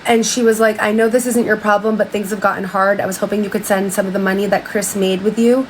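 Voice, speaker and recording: A young woman talks into a phone mic at an everyday pitch, recapping a story in loose, chatty speech. She quotes everyone with "she's like" and throws in the odd swear. A faint hum sits behind her voice. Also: flat delivery, fast, hardly any pauses, low-quality recording. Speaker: TikTok commentator.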